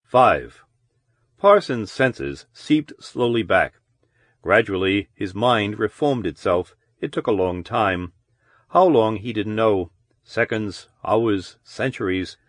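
A man giving measured, descriptive audiobook narration of a novel. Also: on the low side, expressive, dry recording, studio quality.

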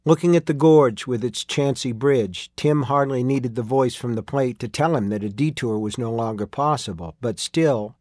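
A man narrating a story in a steady storytelling read. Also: medium pitch, normal speed, few pauses, no room sound, studio quality. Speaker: audiobook narrator. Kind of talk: scripted narration.

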